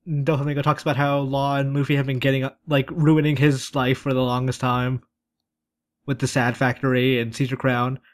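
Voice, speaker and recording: Guy chatting on a podcast, loose and jokey, mid-pitch voice. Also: moderate pace. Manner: relaxed, joking, loose storytelling. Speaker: podcast co-host. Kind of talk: casual chat recapping an anime.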